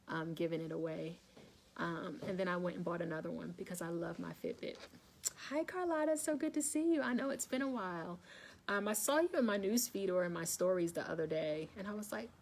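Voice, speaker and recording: A woman with a slightly low voice runs a relaxed wellness live stream and talks straight to her viewers. She is chatty and encouraging, calls everyone y'all and keeps checking that they are still following. She repeats her key points so they land. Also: a little hiss or hum. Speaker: wellness coach hosting a live chat.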